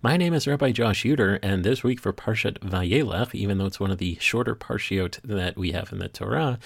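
A man's voice: fairly low pitch, no echo, studio quality. A man hosting a weekly podcast as a rabbi, reading Hebrew passages aloud and translating them line by line. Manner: reads Hebrew text then translates line by line. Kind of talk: podcast text study.

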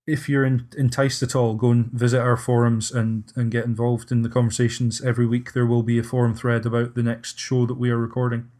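A man's voice: mid-range voice, monotone, a little fast, few pauses, mellow. A man hosting a casual podcast discussion, hesitant and often restarting his sentences. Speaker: podcast host.

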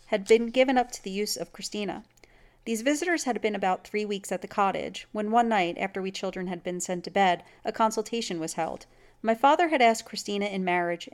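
A woman reads a classic tale aloud in a measured, even manner. Her voice has a gravelly fry to it. The delivery stays steady throughout. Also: mid-range voice. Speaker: story reader. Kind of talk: audiobook story narration.

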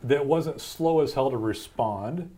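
A man's voice: medium pitch, a little slow, warm tone. A man, hosting a podcast and telling stories about founding his company in a blunt, folksy way, laughing often. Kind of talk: casual storytelling chat.

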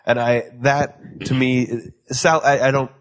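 A man's voice: medium pitch, flat delivery, slow pace. A man in his twenties hosting a casual chat, loose and joking, laughing often. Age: 20s. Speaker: podcast host.

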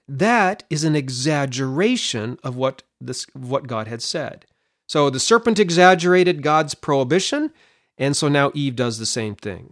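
A man teaching a Bible passage, his voice pitched a little higher than most men's. His delivery is animated and expressive. He often repeats a word as he works through his point. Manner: animated, explanatory, repeats words while thinking.

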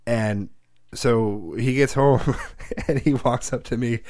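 A man's voice: mid-range voice, takes it slowly, no room sound, clean studio sound. A man in his thirties in a casual chat, telling family stories with lots of swearing and acted-out quotes. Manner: profane, animated storyteller who acts out quotes.

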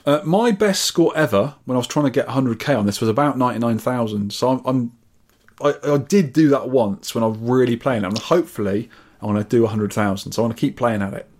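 A man's voice: medium pitch, fast talker, a little mellow. A man from England co-hosting a podcast, reading out listener scores and comments with wry asides in casual chat. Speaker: podcast co-host.

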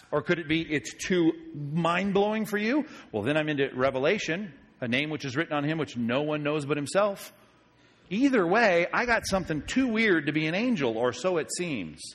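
A man, a pastor, teaching a sermon on Bible passages in a conversational way, often asking his listeners questions. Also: a little high. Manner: conversational, animated, asks the audience questions.

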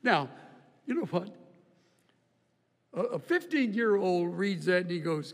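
A man's voice: sits high, lively intonation, moderate pace, long reverb tail. An older man preaching a sermon, folksy and humorous, often repeating words as he tells stories. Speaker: pastor. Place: church auditorium.

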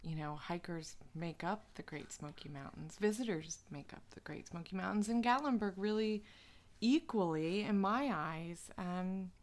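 A woman's voice: fairly low pitch, lively intonation, moderate pace. A woman interviewer in a casual chat, speaking with enthusiasm and listing points one by one.

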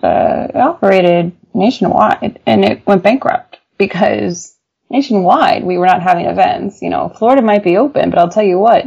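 Woman journalist guest, gravelly fry, lower voice, casual storyteller, muffled remote recording. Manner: animated, laughs often, many fillers.

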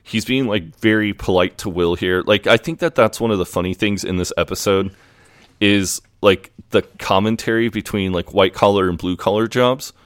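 A man's voice: on the low side, moderate pace, clear, resonant tone, no echo, studio quality. A man co-hosting a podcast, retelling a comedy episode in easygoing chat that is loose and full of filler words. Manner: easygoing, loose speech full of "like" and "you know". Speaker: podcast co-host. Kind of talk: casual episode recap and review.

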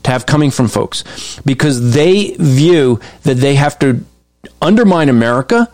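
A man's voice: medium pitch, animated, moderate pace, a little mellow, no room sound. A man giving emphatic, repetitive commentary over video clips. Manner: emphatic and repetitive, restarts often.

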